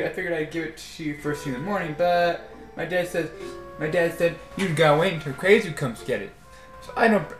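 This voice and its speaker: A man voicing a shy, earnest young village boy in a halting, polite way, in a roomy-sounding recording. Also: a little high, lightly acted. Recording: roomy echo.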